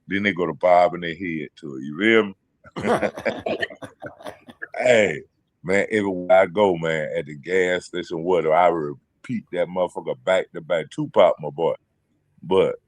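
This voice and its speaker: A man's voice: low voice, no echo. A man chatting loosely on a call-in show, rambling, swearing, repeating himself and laughing often. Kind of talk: casual rambling chat.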